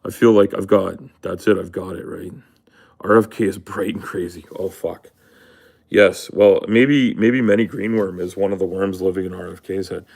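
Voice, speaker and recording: Gravelly, husky low-voiced man. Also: steady tone, moderate pace, darkish tone. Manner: rambling and profane, with many fillers and restarts. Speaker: trucker livestreamer. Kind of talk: casual livestream chat.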